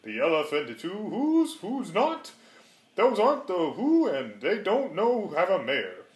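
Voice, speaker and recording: A band of rowdy jungle monkeys, as a man puts them on, shouting and jeering with a jumpy lilt. The voice sits fairly high and echoes in a roomy space. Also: wildly swooping pitch, unhurried, exaggerated voice. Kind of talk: storybook read-aloud. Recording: roomy echo.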